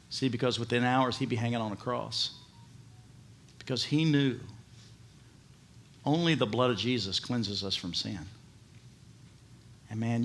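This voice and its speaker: A male pastor preaching a sermon, swinging between loud emphasis and hushed earnestness as he reads and explains scripture. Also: medium pitch, measured pace, long pauses.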